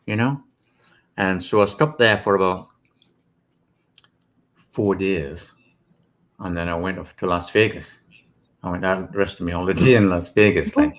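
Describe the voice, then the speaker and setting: A man's voice: lowish voice, fairly bright tone. A British man, an author and guest, telling rambling stories with many ums and restarts. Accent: British English. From Britain. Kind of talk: casual interview storytelling.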